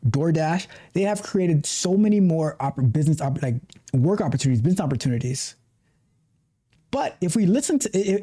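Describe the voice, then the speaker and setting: A man's voice: a little high, warm tone. A middle-aged man hosting a casual tech livestream, talking passionately in a ranting way with many restarts. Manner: passionate, ranting, self-interrupting. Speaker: tech coach and livestream host.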